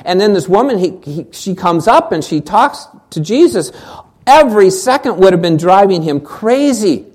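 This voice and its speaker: A pastor preaching a sermon, asking rhetorical questions, stumbling over and repeating words as they restart, and dropping to a hushed, almost whispered voice for emphasis. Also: mid-range voice, big pitch swings, unhurried.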